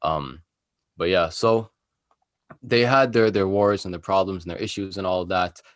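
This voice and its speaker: Young male podcast co-host, deep voice, casual explainer, dry sound. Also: normal speed, no echo. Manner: conversational explaining with fillers, laughs easily.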